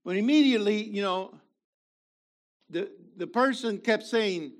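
A man preaching a sermon in an animated way, swinging between loud emphasis and quiet asides, with playful remarks along the way. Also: sits high, a little slow, pauses often.

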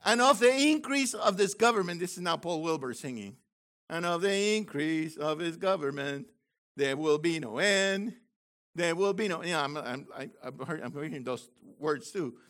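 An older man delivering excited Bible teaching with a high, bright voice. He swoops all over his range and breaks into loud exclamations. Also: normal speed. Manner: exclamatory, animated, bursts of shouting. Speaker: preacher.

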